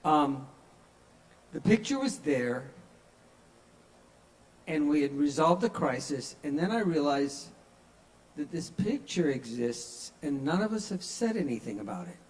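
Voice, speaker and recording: A man with a slightly high voice works through a stand-up set at a small-bar open mic. He tells loose, conversational stories and slips into the voices of the people he quotes. He is younger than forty-five. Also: very animated, measured pace, pauses often, poor audio. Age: under 45.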